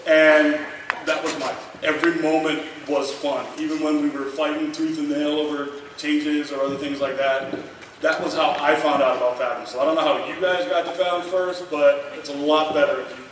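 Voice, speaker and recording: A man in his thirties spins an animated story for a convention crowd, slipping into the voices of the people in it and laughing as he goes. His fairly high voice rings through a big echoing hall, picked up from far away over steady noise. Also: normal speed. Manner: animated anecdote-teller, acts out dialogue, laughs often. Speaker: convention panel speaker. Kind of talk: storytelling at a memorial panel. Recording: echoey hall miked from far, noisy.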